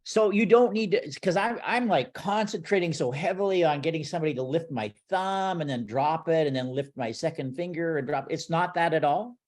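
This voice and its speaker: A man's voice: on the high side, a little fast, hardly any pauses, a little mellow. A man taking part in a music webinar, asking an eager question with many restarts. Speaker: webinar participant.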